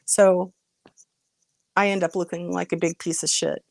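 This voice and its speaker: A woman's voice: fairly low pitch, flat delivery, measured pace, creaky, a little mellow, no echo. A woman in her thirties talking casually and earnestly on a livestream, stopping to greet viewers in the chat by name. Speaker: livestream host.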